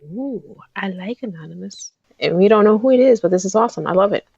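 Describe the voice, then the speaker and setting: Excitable New York Latina woman, dull recording. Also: medium pitch, a little fast, creaky, breathy edge, no room sound. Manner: animated, excitable, laughs often. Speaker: guest podcast host. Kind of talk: casual chat, reading listener stories aloud. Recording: dull, dry home podcast recording.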